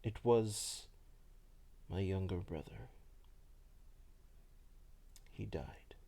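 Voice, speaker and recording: A man voicing a melancholy old vampire who recalls his past slowly and softly. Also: low voice, lively intonation, creaky, heavily acted. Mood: wistful. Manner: slow, soft, hushed storytelling.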